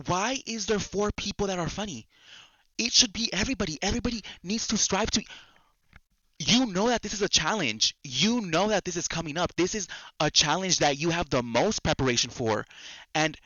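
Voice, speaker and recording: A man's voice: fairly high pitch, pushed and bright, no room sound, lo-fi sound. A young man hosting a casual solo podcast at home, often repeating words and restarting his sentences. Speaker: podcast host. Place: at home in a busy house.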